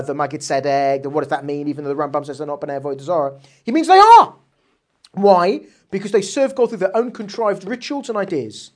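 A woman giving a religious text lesson, her pitch swinging widely as she reads passages and explains them. She keeps asking rhetorical questions and talks with animated emphasis. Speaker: Torah teacher.

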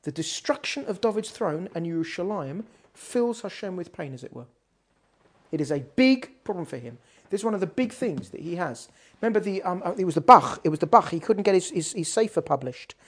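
A woman's voice: on the low side, animated, brisk, breathy edge. A woman giving a weekly Torah class on prayer, talking emphatically with frequent restarts. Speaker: Torah teacher.

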